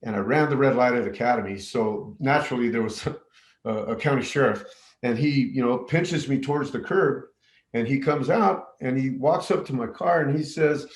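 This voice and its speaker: A man's voice: medium pitch, moderate pace, roomy sound. A man, a middle school teacher from New Mexico, telling a personal story with many fillers and restarts. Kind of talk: personal story told to camera.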